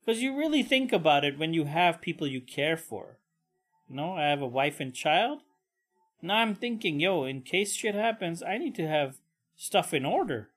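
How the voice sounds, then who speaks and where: Nasal man rambling, lively pitch. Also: normal speed. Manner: rambling, profane, jumps between topics; bursts into high mock voices for quotes. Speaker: podcast host. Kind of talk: casual solo podcast monologue.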